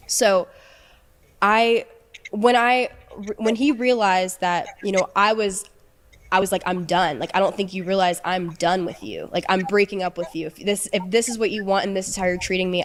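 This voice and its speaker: A young woman recounting a painful relationship in an emotional personal account, halting and earnest, with many restarts and fillers. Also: mid-range voice.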